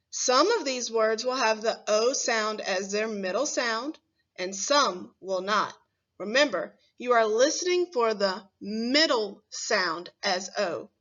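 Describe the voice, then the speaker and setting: Taking her time with every word, a first grade teacher clearly sounds out letter sounds for young children and asks the class questions. She speaks in a bright, slightly high voice, captured in dull, lo-fi audio.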